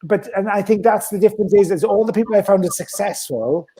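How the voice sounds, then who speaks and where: Male podcast co-host, blunt and animated, higher voice, dark tone. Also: quick pace, husky. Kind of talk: casual podcast chat.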